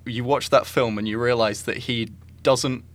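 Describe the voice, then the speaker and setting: A man's voice: medium pitch, fairly even intonation, moderate pace. A man co-hosting a podcast, chatting casually about films, with lots of "like" and "I think" fillers. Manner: rambling, many "like" and "I think" fillers. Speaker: podcast co-host. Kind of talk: casual film discussion.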